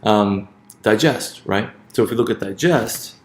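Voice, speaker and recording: A man's voice: fairly low pitch, moderate pace, echoey room. A man teaching a lesson on word stress, hesitant, often repeating words and checking in with "right?".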